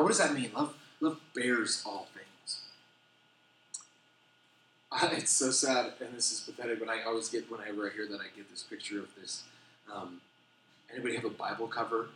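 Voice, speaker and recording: A middle-aged man preaching a sermon as a pastor, telling stories with animated, self-deprecating humor. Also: on the low side, a little hiss or hum. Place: church sanctuary. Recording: echoey church hall.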